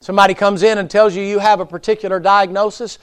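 A man preaching a folksy revival sermon in a church, his voice sitting a little high. He sinks to near whispers on somber points and then rises sharply to loud emphasis. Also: little pitch movement, fast talker, clear, resonant tone. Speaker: pastor.

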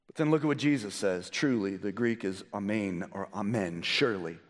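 A man preaching a sermon as a pastor, swinging from hushed, quiet passages to loud, emphatic ones. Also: fairly low pitch, moderate pace. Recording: echoey hall reverb.

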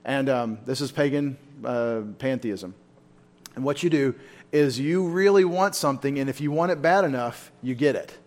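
A man's voice: mid-range voice, moderate pace, darkish tone. A man teaching a Bible study in a church, talking informally and asking his listeners questions. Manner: informal, asks the room questions.

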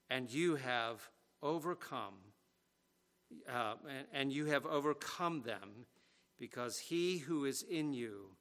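A man's voice: medium pitch, fairly bright tone. A man preaching an expository sermon, earnest and emphatic, leaning hard on key phrases.

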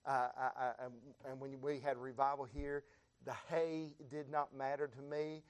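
An American man preaching a sermon in a church, building his repeated phrases up into fervent shouts while the congregation answers with amens. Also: medium pitch, flat delivery, normal speed, clean tone. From United States. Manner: rising to fervent shouts, repetitive rhythmic phrasing.

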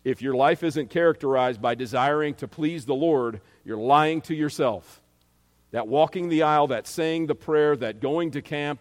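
A man's voice: mid-range voice, big-room sound. A man preaching a sermon as pastor, earnestly reading and explaining scripture to his congregation.

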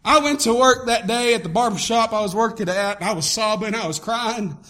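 A man preaching with a very high, sharply bright voice. He pastors with impassioned fervor, often climbing into shouts. His colors every line of the sermon. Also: a little fast. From Tennessee, US.

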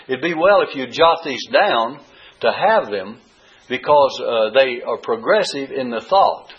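A man's voice: medium pitch, fairly bright tone, husky. A man teaching a Bible study lesson, reading verses aloud and repeating key words with rising emphasis. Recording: dull lo-fi recording.

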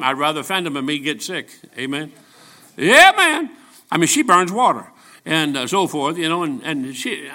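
Folksy older preacher, bright edge. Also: male voice, on the high side, sing-song, moderate pace. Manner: folksy, jokey, shouts rising to preaching peaks. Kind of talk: folksy sermon with stories.

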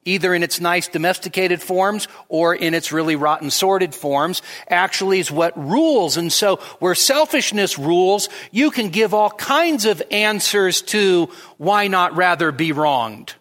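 Pastor, male, expository sermon; high voice, emphatic delivery, church reverb. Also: a little slow, hardly any pauses, fairly bright tone. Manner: emphatic, rises sharply on quoted lines. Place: church sanctuary.

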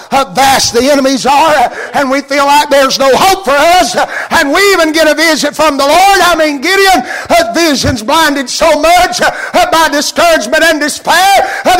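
A man preaching a fervent sermon, rising into shouts, with frequent fillers. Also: very high voice.

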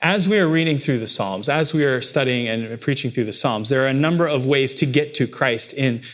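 A male pastor's sermon moves fairly quickly, shifting back and forth between quiet, grave low sections and loud, emphatic moments.

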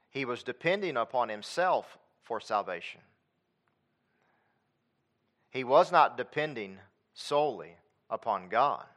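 A man preaching a sermon with emphatic, repetitive phrasing, dropping into quiet conversational asides. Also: mid-range voice.

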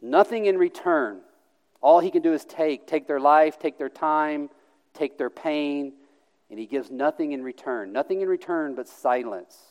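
A male pastor delivers an emphatic sermon in a fairly high-pitched voice. His words ring out with a long reverb, like a large sanctuary. He stumbles and restarts often, then lands lines with force. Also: unhurried, a little mellow.

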